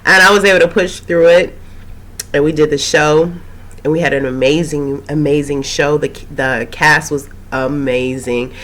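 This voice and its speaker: A woman recapping a TV episode in a casual, rambling way, her voice slightly hoarse after a cold. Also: low-pitched, steady tone, moderate pace, a bit bright. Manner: chatty, rambling, with frequent fillers and asides. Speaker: TV recap host.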